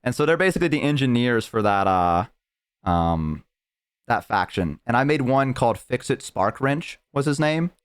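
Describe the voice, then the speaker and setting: A man's voice: mid-range voice, big pitch swings, moderate pace, clear, resonant tone. A male streamer chatting casually, rambling on tangents as he tells a long story. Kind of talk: casual chat.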